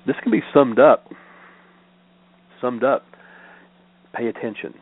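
An older man, a meditation teacher, reads scripture aloud in a measured, deliberate cadence and adds spoken commentary between passages. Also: mid-range voice. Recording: narrow, tinny phone-like audio.

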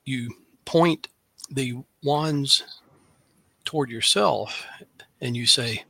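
A man from Tennessee calmly guiding a breathing practice, sighing audibly as he exhales. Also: medium pitch, slow, creaky, long pauses, breathy edge, no room sound. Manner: calm, instructive, with audible sighs. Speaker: free spell segment guest. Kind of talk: guided breathing instruction.

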